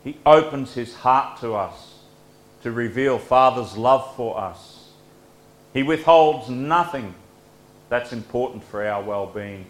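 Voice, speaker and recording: A man preaching a devotional sermon in a gentle, earnest way, letting his phrases fall soft at the ends. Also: medium pitch, takes it slowly, echoey room, rough recording.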